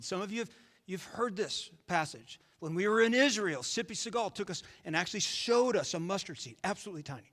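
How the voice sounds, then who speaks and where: A man's voice: sits high, lively intonation, a little fast, fairly bright tone, big-room sound. A man, a pastor preaching a sermon in a folksy storytelling manner with rhetorical questions. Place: church sanctuary.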